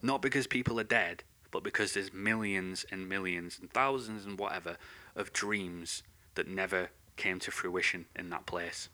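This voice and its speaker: In a low voice at normal speed, a podcast host rants angrily and without a script, swearing throughout. His tone is bright and forceful.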